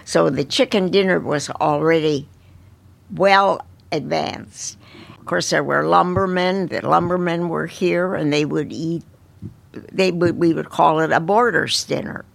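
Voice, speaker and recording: An older woman speaks in a gravelly voice as an interview guest. She tells her stories at an unhurried pace and often restarts her sentences. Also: deep voice, dry recording. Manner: unhurried storytelling with frequent restarts. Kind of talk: casual interview reminiscence.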